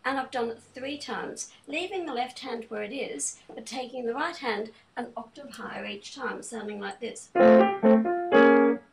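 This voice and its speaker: In an online teaching webinar, a woman piano examiner methodically explains, step by step, how she arranged a piece. Her voice is on the high side and creaky, at a moderate pace with hardly any pauses, and a distant mic picks up piano in the background.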